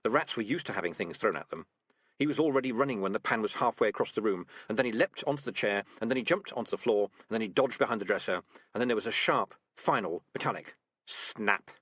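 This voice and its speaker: A man reading a comic fantasy novel aloud as narrator, with lively storytelling. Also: on the low side, quick pace, breathy edge, no room sound, clean studio sound. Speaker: audiobook narrator. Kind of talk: scripted narration.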